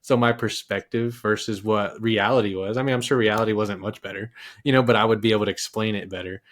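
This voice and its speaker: A man in his thirties from Texas, a podcast guest telling a childhood story in a lively, casual way with many restarts. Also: on the low side, quick pace.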